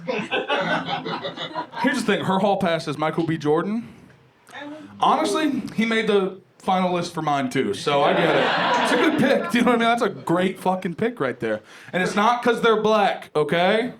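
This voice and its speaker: A young man from Ohio doing a stand-up comedy set in a club, animated and conversational, acting out other people's voices. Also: sits high, normal speed. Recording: live club recording with loud crowd noise. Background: loud audience laughter.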